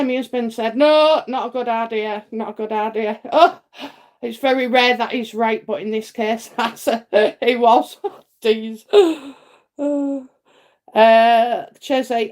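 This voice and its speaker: A middle-aged woman from England hosts a live psychic stream, talking in a loose, rambling way with plenty of fillers and repeated phrases. Her voice sits a bit high for a woman. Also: slow, darkish tone. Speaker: psychic livestream host. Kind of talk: casual livestream chat and readings.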